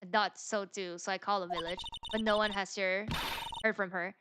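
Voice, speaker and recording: A woman's voice: mid-range voice, steady tone, brisk, background noise, close to an everyday voice. A woman reading as an earnest young spirit medium. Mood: worried. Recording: loud game music behind.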